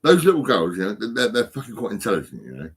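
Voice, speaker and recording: Rambling, stoned man with low voice. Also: huge pitch swings, quick pace, husky. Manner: swears constantly, rambling, restarts and stammers. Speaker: vlogger. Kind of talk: rambling phone vlog. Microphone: phone.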